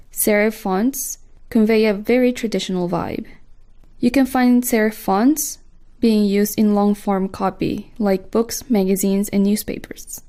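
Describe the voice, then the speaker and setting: A woman reads a design lesson in a measured, even way. Her voice is mellow and dark, with some fry at the ends of her phrases. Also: medium pitch. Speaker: course instructor. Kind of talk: scripted instructional narration.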